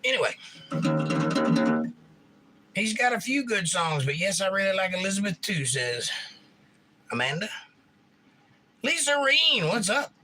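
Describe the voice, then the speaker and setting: A livestream host and singer-songwriter with a high-sitting voice chats casually, reading viewer comments aloud in a laid-back murmur broken by quick bursts. Acoustic guitar plays in the background.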